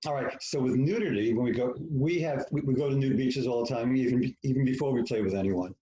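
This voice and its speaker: A man tells a personal story as a podcast guest, blunt and profane, slipping into the voices of the people in it. His voice sits at an ordinary middle pitch. The recording sounds roomy and a little muffled, like a home setup. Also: fast, warm tone, slight background noise. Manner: frank, profane, self-mocking, acts out quoted lines. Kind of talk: candid storytelling in conversation.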